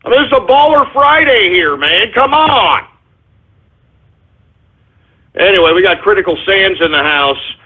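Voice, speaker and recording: A man hosting a talk radio show, ranting in a raised, husky voice. He talks crudely and worked up, tossing out "you know" and "all right?" between jabs. The sound is thin and tinny, like a phone line. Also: high-pitched, animated, a little slow, long pauses. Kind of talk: solo talk radio rant with listener shout-outs.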